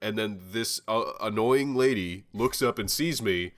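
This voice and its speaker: A young man co-hosting a podcast, telling a story in a rambling, animated way with plenty of swearing. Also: lowish voice, a little slow. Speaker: podcast co-host. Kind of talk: casual chat.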